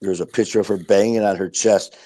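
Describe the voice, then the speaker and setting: A man's voice: fairly low pitch, fairly even intonation, fast talker, dark tone, no room sound. A middle-aged man from Detroit, a podcast guest telling his story with blunt, emphatic, profane candor. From Detroit, USA. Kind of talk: candid podcast conversation.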